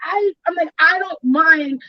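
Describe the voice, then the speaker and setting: A woman hosting a podcast in casual chat, telling an animated story, acting out what others said and swearing freely. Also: very high voice, measured pace, no echo, lo-fi sound. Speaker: podcast host.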